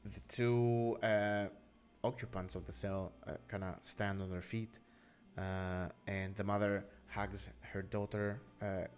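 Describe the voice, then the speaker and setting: A man narrating as game master of a tabletop game, unhurried and halting, with many fillers. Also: on the low side, flat delivery.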